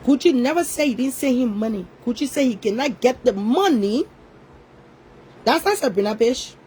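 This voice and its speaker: A woman delivers a ranting social media commentary in a high voice. She scolds her target directly and circles back to the same points again and again. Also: animated, moderate pace, mellow, slight background noise, rough recording. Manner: scolding, repetitive, confrontational. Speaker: online commentator.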